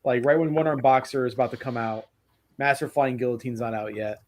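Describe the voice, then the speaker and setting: A man's voice: mid-range voice, fairly even intonation, brisk, darkish tone. A man hosting a casual podcast chat, talking with enthusiasm and rambling a little, with casual swearing.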